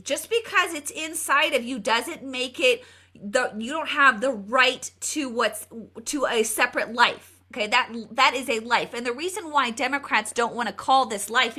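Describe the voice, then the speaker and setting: A woman hosting a live political commentary video, emphatic and given to repeating words as she talks. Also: bright, forceful tone. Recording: re-downloaded lower-quality video.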